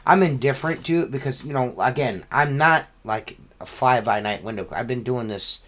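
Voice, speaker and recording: A window cleaning business owner chatting on a podcast, rambling and profane, with constant "you know what I mean" fillers. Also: male voice, mid-range voice, normal speed, fairly bright tone. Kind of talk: casual podcast chat.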